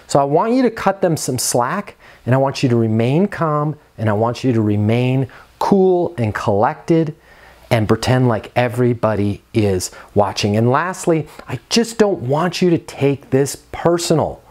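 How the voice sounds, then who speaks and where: A man's voice: mid-range voice, expressive, unhurried, a little mellow. A man giving an instructional talk to camera as a property management trainer, earnest and coaching, repeating his key phrases.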